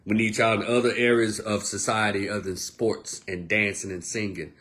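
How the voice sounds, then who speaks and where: A man's voice: fairly low pitch, moderate pace. Blunt, profane man ranting. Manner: blunt, profane, animated rant. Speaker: online commentator. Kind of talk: casual ranting monologue.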